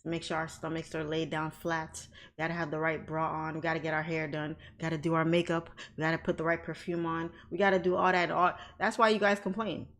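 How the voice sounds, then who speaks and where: A woman with a lowish voice hosts a casual livestream, blunt and outspoken as she talks to her chat. She laughs often and talks straight to her viewers from off camera. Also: flat delivery, fast talker, hardly any pauses, fairly bright tone. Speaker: livestream host, trading educator. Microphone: off camera, desk mic.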